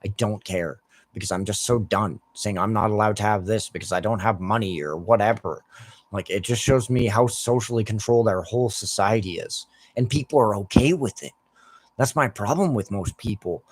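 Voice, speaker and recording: A man's voice: fairly low pitch, moderate pace, husky, dry recording. A young man ranting casually and profanely while playing a game, talking to his chat. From Canada. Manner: profane, frustrated ranting, swears constantly. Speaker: gaming streamer.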